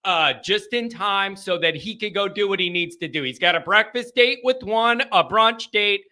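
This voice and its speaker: A man's voice: high voice, moderate pace, bright, forceful tone. A man hosting a live sports call-in show, chatting casually to his audience, rambling, joking and restarting his sentences. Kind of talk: casual live-stream chat.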